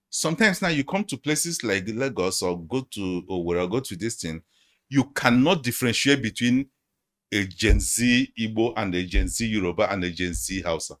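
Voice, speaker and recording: Guy on a podcast, lively up-and-down voice, keeps hammering his point. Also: lowish voice, normal speed. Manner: animated, emphatic, repeats himself for stress. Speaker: guest analyst. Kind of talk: podcast interview conversation.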